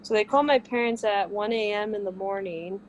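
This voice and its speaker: A woman's voice: medium pitch, moderate pace, muffled recording, a little hiss or hum. A woman guest casually telling a personal story with lots of "like" fillers.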